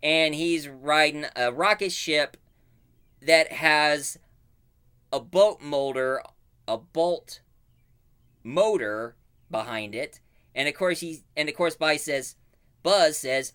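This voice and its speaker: A man casually retelling a cartoon plot as a reviewer, with animated storytelling full of fillers. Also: fairly high pitch, takes it slowly, clean tone.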